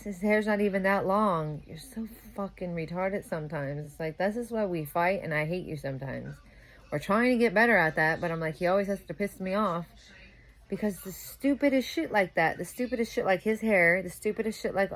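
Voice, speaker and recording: Young woman, lowish voice, profane venting, sleep-deprived new mom, heated rant. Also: normal speed. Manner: profane, ranting, grows louder and heated. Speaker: vlogger. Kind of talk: casual venting monologue.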